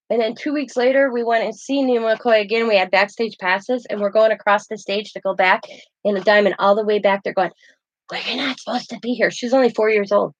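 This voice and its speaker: Brief: Midwestern woman vlogger, fairly high voice, chatty rambling storyteller, dry muffled home recording. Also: no echo. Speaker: craft channel host. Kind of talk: casual show-and-tell vlog.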